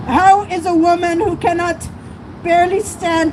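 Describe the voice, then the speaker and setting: A woman's voice: very high voice, fairly even intonation, unhurried, music in the background, low-quality recording. A woman giving an impassioned, emotional speech at an outdoor protest, her voice breaking at times. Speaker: speaker at a protest rally. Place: outdoors on a city street. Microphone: streamer's camera mic among the crowd. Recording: live street stream with crowd and traffic noise. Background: crowd and passing traffic.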